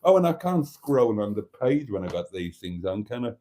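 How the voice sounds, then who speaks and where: A man's voice: on the low side, big pitch swings, normal speed, warm tone. A man hosting a live stream, reading out viewer comments in a camp, theatrical way and calling everyone darling.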